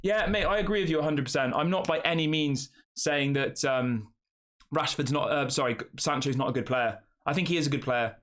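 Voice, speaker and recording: A man's voice: fairly high pitch, fairly quick, fairly bright tone. A young man hosting a casual live stream, chatting and reading out viewer comments before answering them. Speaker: fan channel host.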